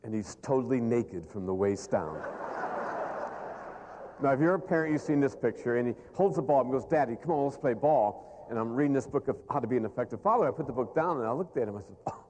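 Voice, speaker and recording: A man's voice: medium pitch, quick pace, long reverb tail, background noise. A middle-aged man giving a humorous keynote speech, telling stories to a live audience and acting out the people in them. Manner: animated storyteller who acts out the people in his stories. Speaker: keynote speaker. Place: stage before a live audience.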